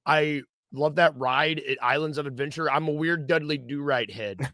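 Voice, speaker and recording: A man's voice: on the high side, bright, forceful tone, dry recording, clean studio sound. A man from Tennessee with a Southern American accent, hosting a casual podcast chat in a jokey, rambling way. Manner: jokey, rambling, quick to laugh. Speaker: podcast host.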